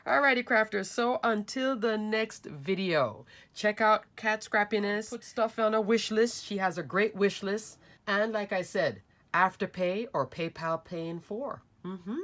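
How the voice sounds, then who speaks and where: A woman's voice: medium pitch, measured pace, fairly bright tone. A woman hosting a card-making channel, walking viewers through her projects in a chatty, upbeat way. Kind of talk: casual crafting show-and-tell.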